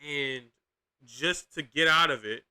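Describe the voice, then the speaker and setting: A man's voice: on the high side, slow, pushed and bright, clean tone. A young man hosting a podcast, giving casual, profane, rambling reaction commentary with lots of slang and restarts. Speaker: podcast host reacting to clips.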